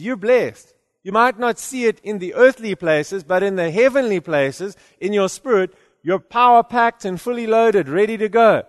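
A man's voice: sits high, long reverb tail. A man preaching a sermon in a conversational way, often repeating words and then rising to emphatic declarations.

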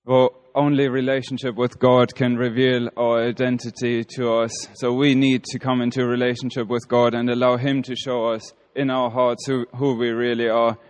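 Flat-voiced man speaking at church. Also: mid-range voice, moderate pace, hardly any pauses. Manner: hesitant, with fillers and restarts. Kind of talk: informal church talk.

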